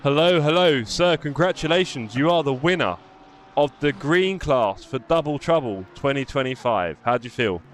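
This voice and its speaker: Streaming live from a home sim racing rig, a man chats and offers race commentary, congratulating the drivers once the race ends. He sounds a little high and expressive at a moderate pace, with slight background noise.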